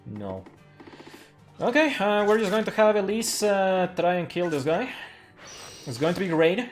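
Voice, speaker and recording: A man giving casual live commentary on his speedrun of a game, chatty, full of fillers and quick laughs. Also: high-pitched, sing-song. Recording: faint music behind. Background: faint game music.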